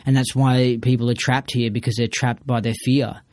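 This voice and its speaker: A man's voice: medium pitch, little pitch movement, moderate pace, a little mellow, dry recording. A man in a casual podcast monologue, ranting emphatically and swearing freely. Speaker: podcast speaker.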